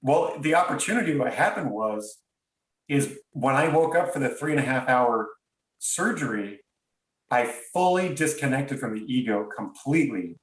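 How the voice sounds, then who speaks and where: A man's voice: mid-range voice, expressive, moderate pace. A man, a podcast guest, tells a personal story in an earnest, reflective way, often stopping and restarting his sentences. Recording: roomy sound, distant from mic.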